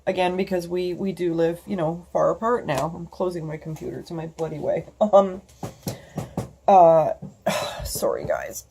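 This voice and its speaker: A woman's voice: on the low side, steady tone, unhurried, dark tone, a little hiss or hum. A woman in her fifties, telling a personal story on her vlog in a rambling way, full of fillers, restarts and casual swearing, into her computer's mic at home. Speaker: vlogger.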